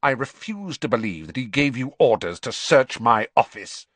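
A man's voice: mid-range voice, big pitch swings, moderate pace, no room sound. A man doing a cold hissing potions master. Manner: cold, soft and dangerous, hissing.

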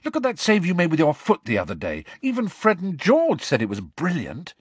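A man's voice: fairly high pitch, wildly swooping pitch, fairly quick, breathy edge, dry recording, voice pushed up, heavily acted. A man voicing a firm, encouraging teenage boy in an audiobook reading. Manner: firm, bracing.

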